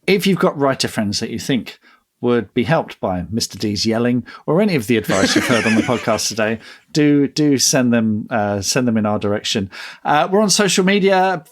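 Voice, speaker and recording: A middle-aged man co-hosting a writing podcast, reading listener notes and sign-offs with wry, understated humour. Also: mid-range voice. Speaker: podcast co-host. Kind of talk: casual podcast chat.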